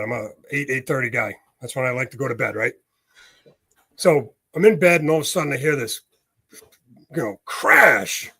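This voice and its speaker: A man's voice: mid-range voice, creaky, pushed and bright, slightly rough. Man explaining with folksy examples. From United States. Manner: explains with homely examples, frequent "right?". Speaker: guest, medium. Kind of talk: casual interview talk.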